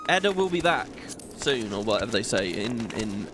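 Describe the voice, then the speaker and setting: A man's voice: on the low side, very animated, moderate pace. A man hosting a casual gaming video, chatting and rambling as he plays and sometimes laughs. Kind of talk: casual let's-play commentary. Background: game music.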